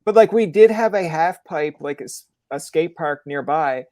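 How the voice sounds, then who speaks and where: A young man hosting a podcast, chatting casually and telling stories with lively acted-out quotes, from a room in his parents' house. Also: on the high side, moderate pace, no echo. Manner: animated storyteller who acts out quoted lines. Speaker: podcast host. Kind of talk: casual chat.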